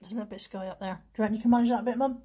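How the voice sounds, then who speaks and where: A woman's voice: mid-range voice, fairly even intonation, rapid-fire, mellow, slightly rough, no echo. A middle-aged woman, chatting casually to a handheld phone camera in her vlog diary, self-deprecating and talking to her dog. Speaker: vlogger.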